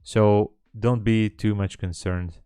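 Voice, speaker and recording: A man's voice: fairly low pitch, steady tone, slow pace, mellow, smooth, no room sound, clean studio sound. A man hosting a live trading stream, chatting casually and hesitantly with viewers in a rambling way. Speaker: livestream trading host.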